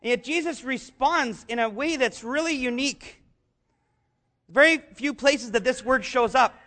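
High, bright-voiced preacher man. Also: moderate pace. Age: adult, father of young children. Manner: earnest, rising to shouts on key lines. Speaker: pastor. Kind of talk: sermon.

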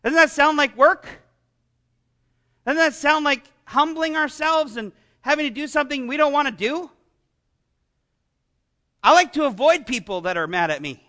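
A man's voice: extremely high pitch, lively intonation, moderate pace, long pauses, bright, forceful tone. A man preaching a sermon as pastor, asking the congregation rhetorical questions and making self-deprecating asides.

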